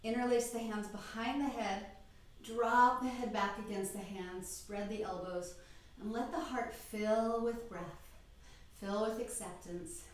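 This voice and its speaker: A middle-aged woman teaches a yoga class in calm, encouraging instructions, breathing softly through the exhales and slightly winded from moving. Her voice rings in a very echoey room. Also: on the high side, unhurried.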